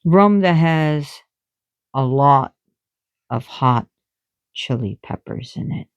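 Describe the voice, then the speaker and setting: A woman explaining spiritual lore in casual talk, excitable and giggly, jumping between soft whispers and loud bursts. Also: low-pitched, takes it slowly, clean tone, no room sound, lo-fi sound.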